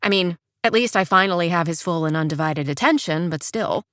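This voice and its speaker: A woman narrating a first-person romance audiobook in a chirpy, expressive way, with bright sing-song dialogue. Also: fairly low pitch, brisk, no room sound, clean studio sound.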